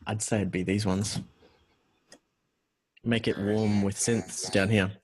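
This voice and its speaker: A man's voice: on the low side, little pitch movement, takes it slowly, darkish tone, a little hiss or hum. A man with an Australian accent, a music producer walking through his session in a casual, self-deprecating way with many fillers. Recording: music playing behind the voice.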